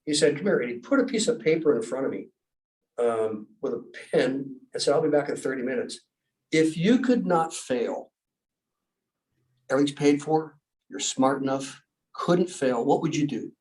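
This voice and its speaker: A middle-aged pastor, formerly a military rescue specialist, tells stories in an interview, animatedly acting out the voices he quotes. His voice is a little high and his pace moderate, captured on a distant mic in a rough recording.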